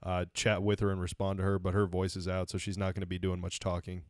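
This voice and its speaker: A man co-hosting a casual writing podcast, joking and teasing the others in relaxed chat. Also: sits low, quick pace, dry recording, studio quality. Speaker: podcast co-host.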